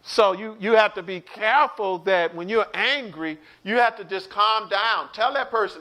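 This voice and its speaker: A man preaching an online Bible study, animated, repeating words and calling out to his listeners. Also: sits high, normal speed, hardly any pauses. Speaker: pastor teaching a Bible study.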